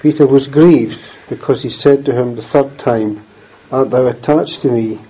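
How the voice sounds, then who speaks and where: A man reading scripture aloud and then preaching, in a measured, earnest way, often clearing his throat. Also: mid-range voice, mellow, rough recording.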